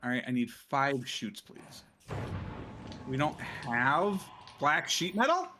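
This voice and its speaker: A man's voice: medium pitch, very animated, slow, noisy background. A man streaming a game, chatting casually and muttering to himself as he crafts items. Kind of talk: casual gameplay chat.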